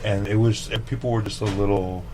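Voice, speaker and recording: A man from El Paso, a chef telling stories in a casual interview, animated and swearing freely, peppering his talk with "like" and "right?". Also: on the low side, a little fast, background noise. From El Paso, Texas. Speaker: chef, podcast guest.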